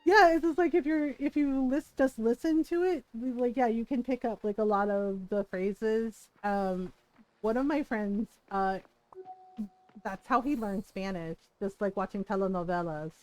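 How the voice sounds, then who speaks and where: High-voiced chatty woman streamer. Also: unhurried, a little mellow, poor audio. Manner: rambling storyteller, laughs often, many fillers. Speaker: livestreamer. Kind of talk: casual chat while gaming.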